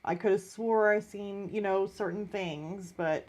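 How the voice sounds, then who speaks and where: A woman's voice: mid-range voice, measured pace, a little mellow. A middle-aged woman hosting a live art stream, telling a story in casual chat and acting out the voices of the people in it.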